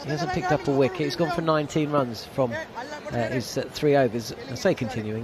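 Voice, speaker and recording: A man's voice: mid-range voice, fairly even intonation, brisk, a crowd in the background. A man giving live ball-by-ball radio cricket commentary, chatty and wry.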